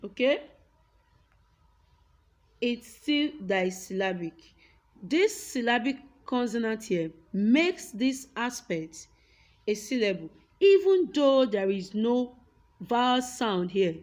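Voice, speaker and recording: A young woman with a Nigerian English accent teaching a class. She repeats example words aloud and stretches words slowly to stress a point. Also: fairly high pitch, expressive, a little mellow. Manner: slow, drawn-out words when stressing a point. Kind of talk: classroom lesson with a whiteboard.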